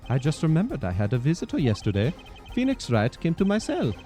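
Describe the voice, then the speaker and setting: A calm, sinister lawyer, as a man puts him on, speaking in a soft, measured and condescending way. The delivery is slow and controlled and drops below the performer's usual pitch. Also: faint music behind. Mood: cold. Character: calm, sinister middle-aged male defense lawyer. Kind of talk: live game dialogue reading.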